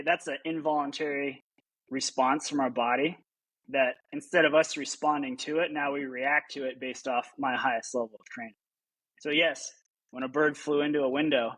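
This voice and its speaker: A man's voice: mid-range voice, a bit bright, no echo, rough recording. A man, a military veteran, talking earnestly in an interview and explaining things at length, often repeating himself. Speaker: podcast guest, military veteran. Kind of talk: conversational interview answer.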